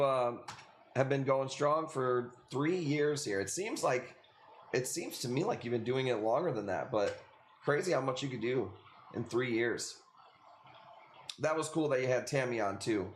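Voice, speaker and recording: Casual man with a chicago accent chatting on a stream, mid pitch, roomy echo. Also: expressive, measured pace, long pauses. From Illinois. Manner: rambling, chatty, laughs often, many fillers. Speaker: livestream host selling corals. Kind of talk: casual livestream chat. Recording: echoey room with faint noise.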